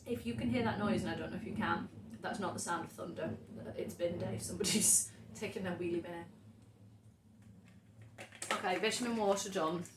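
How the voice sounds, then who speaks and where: A woman's voice: on the low side, brisk, background noise. A woman from the UK chatting casually at home, rambling and often dropping to a murmur. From United Kingdom. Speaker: vlogger. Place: indoors at home. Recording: roomy, distant camera mic.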